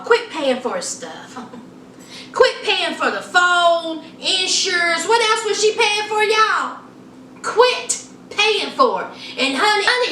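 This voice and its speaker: A woman retells a reality show with a sassy drawl. Her voice sits very high and swings widely, bright and slow-paced. The sound is roomy and distant, with a faint hiss behind it. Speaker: reality TV recap vlogger. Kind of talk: casual sassy TV recap.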